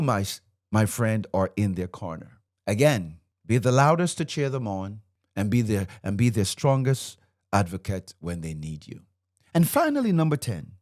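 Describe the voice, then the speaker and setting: A man's voice: mid-range voice, a little mellow. A man in his fifties, a marriage coach and host, teaching faith-based marriage principles to camera in a fired-up, preacherly way and quoting scripture.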